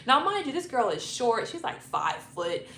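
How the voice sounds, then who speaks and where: A young woman telling a personal story in a casual, animated, profane vlog style. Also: a little high, normal speed, vocal fry. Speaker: YouTube storyteller. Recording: roomy echo, faint noise.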